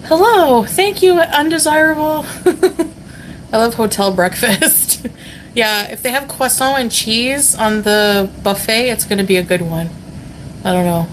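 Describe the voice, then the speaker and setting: A woman's voice: on the high side, unhurried, a little hiss or hum, low-quality recording. A woman casually chatting on a livestream from a hotel room, reading viewer comments, giggling often and filling her talk with fillers. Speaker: vlogger reading chat.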